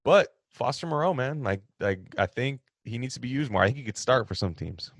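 A man hosting a casual sports talk, answering fan questions in an animated, ranting way that swings from loud outbursts to low mutters. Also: fairly quick, no echo, studio quality.

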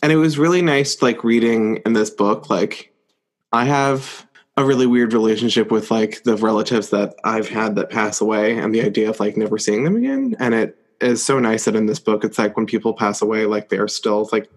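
A man's voice: fairly low pitch, normal speed. A man co-hosting a podcast in casual chat, rambling with many "like" fillers. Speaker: podcast co-host.

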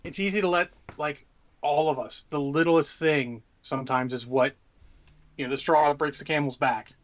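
Man, podcast co-host, casual advice, cursing, fairly high voice, muffled lo-fi sound. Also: moderate pace. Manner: laid-back, swears freely, gives advice. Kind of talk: casual chat.

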